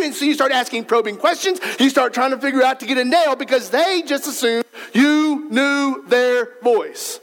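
A man's voice: very high voice, lively intonation, a little fast, fairly bright tone, rough recording. A man preaching a sermon as pastor, in a conversational, emphatic way, speaking straight to the congregation in a church.

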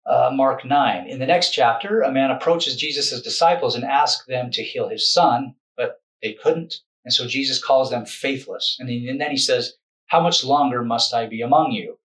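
Guy lecturing for his video channel, mid-pitched, chatty and fixes himself as he goes. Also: moderate pace, few pauses, fairly bright tone, rough recording. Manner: loose, self-correcting, conversational. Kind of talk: casual explanatory lecture.

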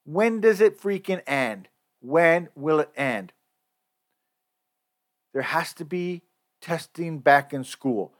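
A man's voice: medium pitch, fairly bright tone. A man hosting a podcast, delivering a heated, profane, repetitive rant. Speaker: podcast host. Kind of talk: angry solo podcast rant.

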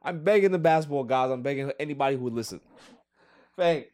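A man co-hosting a casual sports podcast, joking and pleading in an animated way. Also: mid-range voice, rapid-fire. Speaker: podcast co-host.

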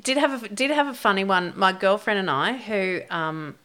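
A woman's voice: mid-range voice, lively intonation, normal speed, crowd noise. A woman, chatting casually on a podcast, laughing easily and chiming in with quips. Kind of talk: casual chat.

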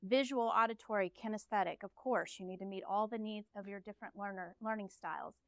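Female educator from Texas presenting, mid-range voice, smooth and clear, dry close pickup. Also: medium pitch, brisk, a bit bright, dry recording. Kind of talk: live conference presentation.

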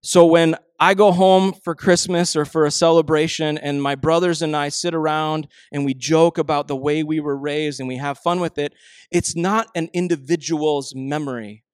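Conversational pastor, bright tone. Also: male voice, a little high, smooth, no echo. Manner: conversational storytelling, animated impressions of family; slows and softens for emphasis. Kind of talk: sermon.

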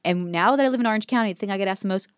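A woman in her forties telling stories in a casual chat as a podcast guest, animated and acting out quotes with frequent laughter. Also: mid-range voice, rapid-fire, clean tone, no echo, clean studio sound. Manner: animated storyteller, acts out quotes, laughs often.

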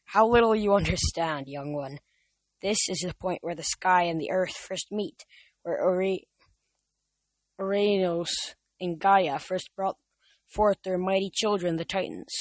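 A young man voicing a cruel, gloating Titan father who speaks in a slow, mocking, booming way in a storybook reading. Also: dry recording.

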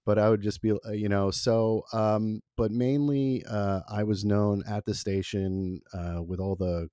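A man's voice: on the low side, steady tone, measured pace, mellow, smooth, dry recording, clean studio sound. A man in his forties, born in Italy with Italian as his first language, recalling his college radio days in a rambling, self-deprecating way with lots of fillers. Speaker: former college radio producer. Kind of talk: relaxed interview conversation.

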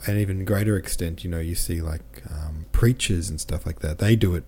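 A podcast host talking through a novel in a loose, rambling way. His voice sits low and has a dark, mellow tone. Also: brisk, few pauses. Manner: rambling, conversational, reads listener comments aloud. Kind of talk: casual book discussion.

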